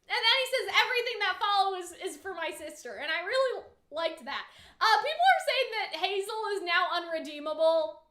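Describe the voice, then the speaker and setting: A woman's voice: extremely high pitch, lively intonation, fairly quick, pushed and bright. A woman hosting a live reaction stream in casual chat, swearing freely and filling with "like". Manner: chatty, swears freely, fills with "like". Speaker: streamer host. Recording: roomy echoey room.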